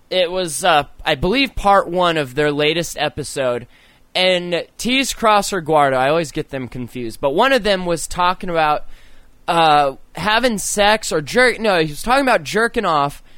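A high-pitched man rambles through crude stories on a podcast, cursing freely and breaking into laughter. His voice sits close and dry on the mic, with no room sound. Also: a bit bright, dry recording. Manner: profane, rambling, laughing storyteller. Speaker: podcast host. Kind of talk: casual crude podcast chat.

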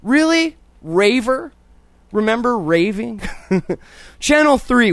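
A man's voice: high voice, lively intonation, unhurried, fairly bright tone, smooth, dry recording. A man hosting a talk show, sarcastic and profane, joking crudely through the news. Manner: profane, sarcastic, mock-indignant. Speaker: podcast host.

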